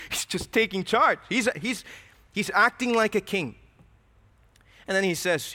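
A man's voice: sits high, lively intonation, moderate pace, sharp tone. A man preaching a sermon, earnest and questioning, often repeating his words. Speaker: pastor. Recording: reverberant hall.

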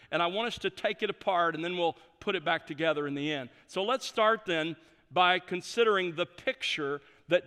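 A man preaching a sermon, measured and emphatic, slowing down to stress key phrases. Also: high-pitched, pushed and bright, big-room sound. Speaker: pastor.

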